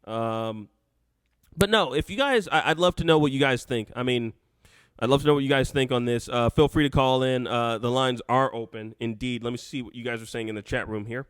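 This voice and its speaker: A man hosting a live call-in show, animated and laughing, often restarting his sentences. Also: medium pitch, fairly quick, smooth, dry recording, clean studio sound. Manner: animated, laughs often, talks over himself.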